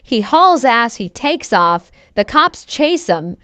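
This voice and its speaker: A woman's voice: fairly high pitch, big pitch swings, slow pace, pushed and bright, dry recording. A woman giving a casual, sarcastic, profane movie review to camera, wandering off on tangents.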